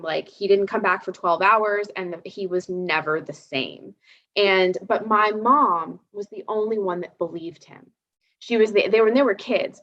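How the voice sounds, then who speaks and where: A woman in her thirties, a psychic guest in a casual live chat, telling stories in an animated way with many restarts and fillers. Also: medium pitch. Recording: slightly dull lo-fi sound.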